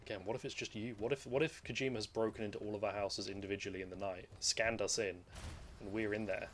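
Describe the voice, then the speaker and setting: A man's voice: on the low side, fairly even intonation, fast, slight background noise. A man streaming gameplay, rambling and joking casually as he plays, swearing freely. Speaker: streamer playing a video game. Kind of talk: casual live gameplay commentary.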